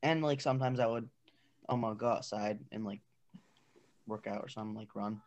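A man's voice: fairly low pitch, brisk, dull audio. A teenage boy talking casually on a student podcast, hesitant and full of fillers, explaining ideas through comparisons. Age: teens. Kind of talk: casual chat.

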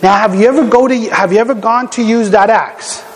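A middle-aged man with a notably high voice preaches a sermon in a large hall, long reverb trailing off his words as they fill the room like a pastor addressing a congregation. His delivery is brisk and animated, conversational storytelling with frequent stumbles, restarts and "you know" fillers.

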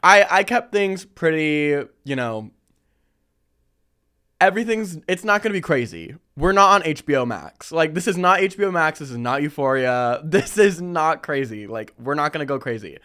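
A young man hosting a casual chat, reading listener stories and telling his own with lively slang and frequent laughter. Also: on the high side, normal speed, clean tone. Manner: animated, laughs often, chatty slang. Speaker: podcast host.

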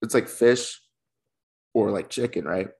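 A man's voice: on the low side, measured pace, vocal fry, darkish tone, slightly rough. A man co-hosting a podcast, chatting casually, swearing and laughing as he tells stories. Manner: loose, swearing, laughing storyteller. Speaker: podcast co-host. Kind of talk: casual chat.

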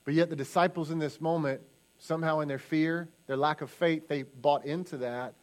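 A male pastor delivering a sermon from a church stage. His voice sits fairly high, and he preaches with emphasis, repeating key lines so they land. He brings the scripture to life by acting out the quotes. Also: steady tone, normal speed.

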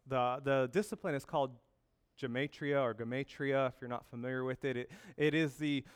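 A man preaching a lively sermon, telling a funny story with jokes and asides to the congregation. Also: mid-range voice, fairly quick, clean tone. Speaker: pastor.

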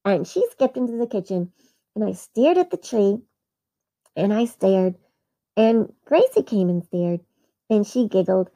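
Animated woman telling a Christmas story. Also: medium pitch, a little slow, long pauses. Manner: earnest, animated, with small laughs. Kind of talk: first-person Christmas story narration.

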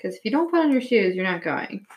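A woman's voice: mid-range voice, very animated, fast talker. A young woman chatting casually, joking, laughing often and swearing. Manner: joking, laughs a lot, profane. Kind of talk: casual chat.

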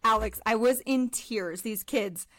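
A woman's voice: on the high side, a little slow, a bit bright, dry recording. A young adult woman from Colorado, co-hosting a podcast and telling stories in a bubbly, enthusiastic casual chat. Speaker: podcast co-host.

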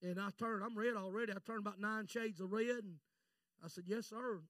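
A middle-aged man preaching a fervent Pentecostal sermon, swinging from shouts to hushed storytelling. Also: high voice, steady tone, brisk, dry recording. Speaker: visiting preacher.

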